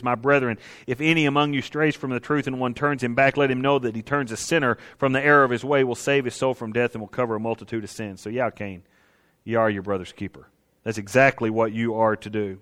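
A man's voice: medium pitch, fairly bright tone. A man preaching a sermon to his congregation, emphatic, in punchy repeated short lines. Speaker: pastor.

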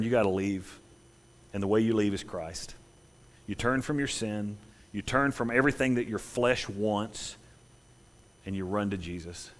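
A male pastor preaching a sermon in an earnest, emphatic way, slowing his phrasing for drama, in a church. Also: medium pitch.

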